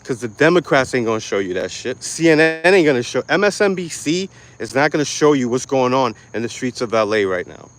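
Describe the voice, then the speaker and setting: A man's voice: medium pitch, animated, fairly quick, few pauses, a bit bright. Young new york guy ranting hard, cursing, street slang, blunt and aggressive. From New York City. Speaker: online commentator. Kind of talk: ranting commentary.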